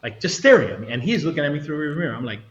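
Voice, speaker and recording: A middle-aged man who retired as a federal agent guests on an interview, racing through an animated story with a crowd audible behind him. His voice is fairly high; he acts out quotes and keeps restarting sentences, and the sound is roomy and a bit dull.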